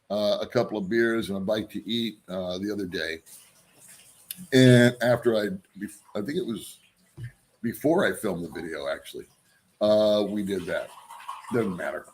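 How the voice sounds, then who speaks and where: A man hosting his own vlog, chatting casually and loosely, with frequent ums and chuckles. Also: on the low side. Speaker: vlog host. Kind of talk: casual rambling vlog chat.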